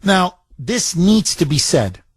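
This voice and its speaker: A man's voice: high-pitched, very animated, slow, slightly rough, no room sound. A man hosting a talk radio show, delivering a combative, mocking monologue.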